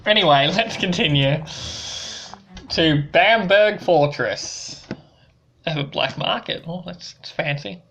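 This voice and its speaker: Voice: medium pitch, unhurried, vocal fry, a bit bright, muffled recording, slight background noise. A let's play host casually chatting and joking while playing a game. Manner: chatty, rambling, self-mocking. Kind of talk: casual gameplay commentary.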